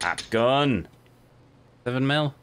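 A man's voice: mid-range voice, takes it slowly, fairly bright tone, slight background noise. A man casually commenting while playing a game, muttering to himself with dry jokes. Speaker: let's play host.

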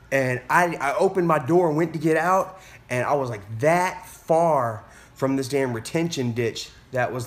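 A man vlogger casually telling a story to camera, rambling with lots of fillers and restarts and casual cursing. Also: a little high.

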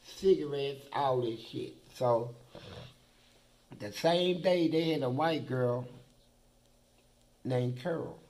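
A man's voice: mid-range voice, slow, long pauses, darkish tone. A man being interviewed who tells blunt, profane stories about prison life in a vivid, swearing manner. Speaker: interview guest.

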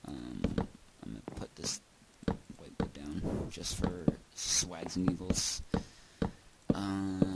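Goofy rambling gamer guy, lowish voice. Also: big pitch swings, moderate pace, vocal fry. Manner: rambling, goofy, talking to himself and the game. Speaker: gaming video host. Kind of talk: casual let's-play commentary. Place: at home. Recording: heavy background noise hiss.

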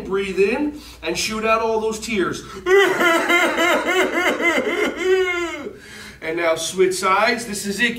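A man's voice: high-pitched, fairly bright tone. A man leading a guided movement lesson for children, giving playful, coaxing instructions and call-outs. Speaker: children's yoga leader. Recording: echoey room, voice from far off.

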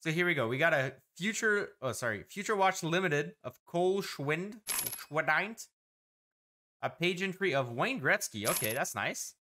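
An excitable man talks through a card-opening video, listing player names quickly and breaking into exclamations. His voice sits a little high for a man and sounds bright and forceful. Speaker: host opening hockey card packs. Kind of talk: casual card-opening commentary.

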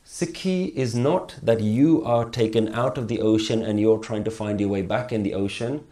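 A man's voice: lowish voice, normal speed, mellow. A man teaching a spiritual workshop on stage. He speaks emphatically and keeps putting rhetorical questions to the audience.

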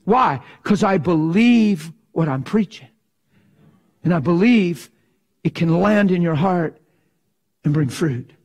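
A middle-aged man preaching a sermon in a passionate, animated way, sometimes acting out voices for effect. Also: sits high, slow pace, long pauses.

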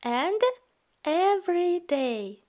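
A woman reading a children's picture book aloud into a phone, slow and gentle, with some words hushed. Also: extremely high pitch, very animated. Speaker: storybook reader.

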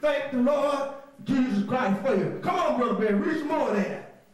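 A man teaching a call-and-response Bible lesson, often shouting, laughing, and spelling words out letter by letter. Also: very high voice, animated, moderate pace, distant mic. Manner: laughs often, coaxing the class to repeat. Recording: very echoey room.

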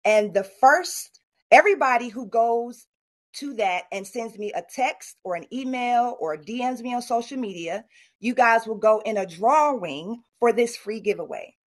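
A middle-aged woman presenting at an online summit in a motivational, coaching tone. Her voice sits a little high, and she talks straight to her listeners. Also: lively intonation, measured pace. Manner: motivational, coaching the audience directly. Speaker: speaker.

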